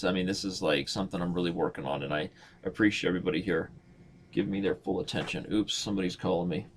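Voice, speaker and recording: A chess streamer in his thirties talks fast in a low voice, giving casual, joking live commentary while he plays. He thinks aloud and mocks his own moves.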